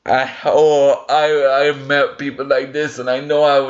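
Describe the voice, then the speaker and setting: A young man reacting to stories he reads aloud, heated and full of swearing. He trips over his words and starts sentences again. His voice sits at a middling pitch and comes through a slightly muffled, lo-fi mic. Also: level tone, takes it slowly, fairly bright tone. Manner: heated, swearing, stumbling restarts. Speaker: vlogger reading stories. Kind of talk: casual reaction rant.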